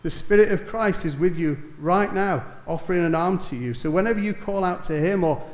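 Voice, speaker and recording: A man preaching a sermon, telling a story that swells to emphatic peaks and drops to soft, quiet lines. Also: high-pitched, fairly quick, reverberant.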